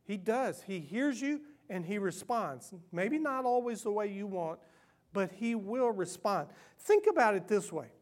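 A middle-aged pastor preaches an animated, self-mocking sermon, shifting between hushed, earnest stretches and loud, playful ones. His voice is high and his pace measured.

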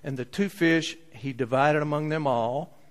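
A man preaching a sermon, telling a story with big swings from loud to soft. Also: on the high side, unhurried. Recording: long hall reverb.

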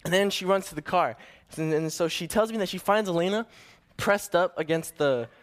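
A man's voice: high voice, normal speed. A young man giving his first sermon to a church, telling a family story in a casual, slightly nervous way with restarts. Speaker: young preacher.

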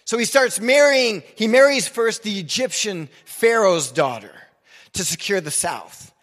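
High-voiced preacher in a reverberant hall. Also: male voice, expressive, unhurried, fairly bright tone. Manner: conversational, joking preacher. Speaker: pastor. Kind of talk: sermon.

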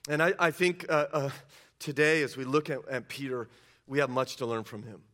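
Bright-voiced preacher with emphatic storytelling. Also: male voice, medium pitch, normal speed. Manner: emphatic, animated retelling that acts out quotes. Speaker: pastor. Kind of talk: sermon.

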